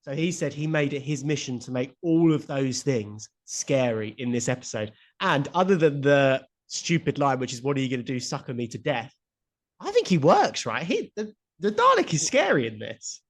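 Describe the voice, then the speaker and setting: A man's voice: mid-range voice, sing-song, normal speed. Blunt, laughing man co-hosting a chat. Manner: laughs often, blunt and crude asides. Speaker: podcast co-host. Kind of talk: casual chat.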